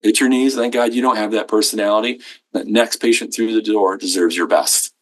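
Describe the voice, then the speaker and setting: A man's voice: lowish voice, fairly even intonation, fairly quick. A middle-aged man leading a healthcare billing training session, folksy and fond of acting out quoted conversations. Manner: folksy, acts out quoted exchanges. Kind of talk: live training talk to staff.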